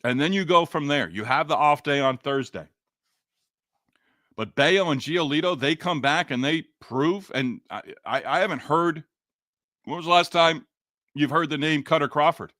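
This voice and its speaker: A man's voice: a little high, normal speed, bright, forceful tone, dry recording, clean studio sound. A man hosting a sports podcast, reading listener comments in a frustrated, sarcastic, rambling way. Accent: Boston. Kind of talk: casual sports podcast talk.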